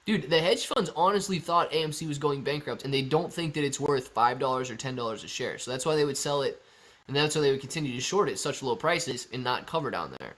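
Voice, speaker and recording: A young man hosting a live stock-market Q&A stream, chatty and energetic as he reads viewer messages aloud. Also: medium pitch, brisk. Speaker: livestream host.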